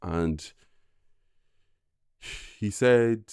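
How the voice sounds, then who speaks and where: A young man, a podcast guest, telling a personal faith story in an earnest, halting way with many fillers. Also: deep voice, darkish tone, no echo, studio quality. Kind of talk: casual personal testimony.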